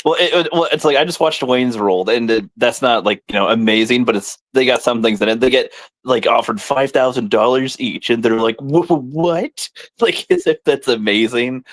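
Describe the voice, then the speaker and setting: A man's voice: medium pitch, normal speed, no echo. Mid voiced guy rambling and laughing about a comic, dry sound. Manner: laughs often, rambling, hesitant restarts. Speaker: podcast co-host. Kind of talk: casual comic review chat.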